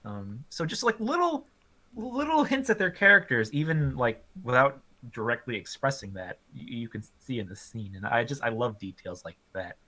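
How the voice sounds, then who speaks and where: A mid-range male voice at normal speed belongs to a co-host of a casual film review chat. Animated and peppered with ums and likes, he laughs often while retelling scenes.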